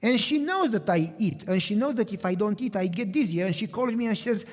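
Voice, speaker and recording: A man's voice: high-pitched, a little fast, few pauses. A middle-aged man preaching a sermon as pastor, telling stories and acting out conversations. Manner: animated storytelling, acting out dialogue. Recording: long reverb of a large hall.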